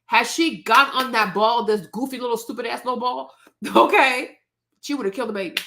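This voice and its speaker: Outspoken lady ranting to her viewers, kinda high voice, fired up and blunt. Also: fairly quick, pushed and bright. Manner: outspoken, indignant, talks straight to her audience. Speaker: host. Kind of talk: casual commentary to viewers.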